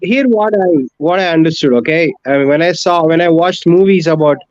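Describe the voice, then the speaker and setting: Agreeable man, slightly high, dull audio. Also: brisk, a little mellow, no echo. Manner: agreeable, chuckling interjections. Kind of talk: casual livestream chat.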